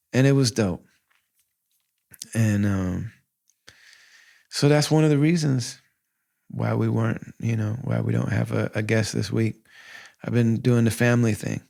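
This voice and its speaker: Gravelly, heartfelt man in his forties. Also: fairly low pitch. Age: 40s. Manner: animated, heartfelt, quotes himself in lively asides. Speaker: podcast host. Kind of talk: casual storytelling monologue.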